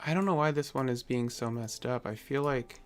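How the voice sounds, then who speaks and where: A man's voice: medium pitch, moderate pace, clear, resonant tone, soft background music. Rambling, jokey man chatting on a live stream. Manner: rambling and jokey, with frequent fillers and chuckles. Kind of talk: casual live-stream chat, answering viewer comments.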